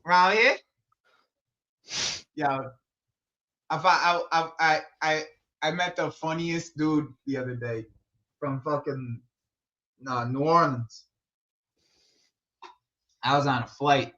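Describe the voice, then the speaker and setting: Lively slangy young man streaming football. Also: fairly high pitch, takes it slowly, long pauses, highs cut off. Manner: animated, slangy, says "bro" a lot, laughs often. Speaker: streamer hosting a football watch-along. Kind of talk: casual live commentary chat.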